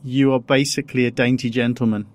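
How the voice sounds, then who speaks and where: A man's voice: mid-range voice, flat delivery, quick pace, dry recording. Rambling self-deprecating podcast host man. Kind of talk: casual podcast chat.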